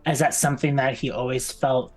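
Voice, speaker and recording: A man's voice: medium pitch, little pitch movement, fairly quick, faint music behind. A man playing a tabletop game, describing his character's thoughts in a rambling, hesitant way. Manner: rambling, hesitant, many restarts. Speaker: player.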